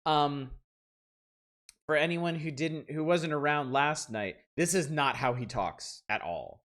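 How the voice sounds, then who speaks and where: A man's voice: fairly high pitch, animated, a little slow, fairly bright tone. A man commentating a game on a live stream, wry and joking, swearing when startled. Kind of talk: live let's-play commentary.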